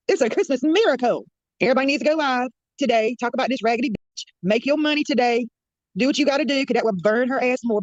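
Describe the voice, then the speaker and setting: Rapid-fire scornful woman ranting. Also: fairly high pitch, no echo, lo-fi sound. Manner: blunt, profane, scornful. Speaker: drama commentator. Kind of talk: angry live-stream rant.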